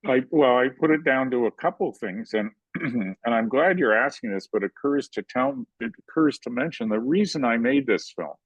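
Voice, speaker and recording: An older man, a filmmaker, telling animated stories in an interview and acting out the quotes. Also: medium pitch, moderate pace, breathy edge, no room sound, low-quality recording. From Canada. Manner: animated anecdotal storytelling, acts out quotes. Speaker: guest filmmaker. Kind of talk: storytelling in a conversational interview.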